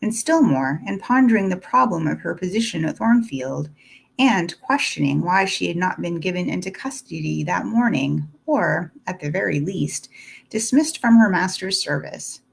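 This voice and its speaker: Husky-voiced woman narrating a classic novel. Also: lowish voice. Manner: steady, deliberate first-person reading. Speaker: audiobook narrator.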